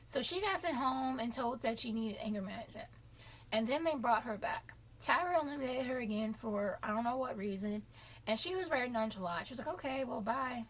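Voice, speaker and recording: A young adult woman vlogger with a fairly high voice rants animatedly through her opinionated commentary, drawing words out for emphasis.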